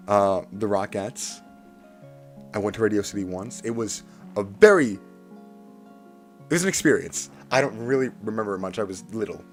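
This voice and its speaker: Excitable streamer guy, fairly low voice, theatrical repeats, faint music bed. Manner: excitable and animated, swinging from hushed to loud bursts; playfully theatrical, repeats lines for effect. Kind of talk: casual storytelling to a live stream.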